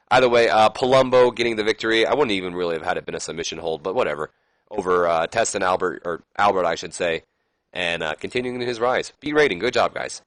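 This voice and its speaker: A let's play commentator with a low, slightly bright voice rambles casually over a wrestling management game. He reads promo lines aloud with plenty of fillers and self-corrections, and the recording is rough but has no echo.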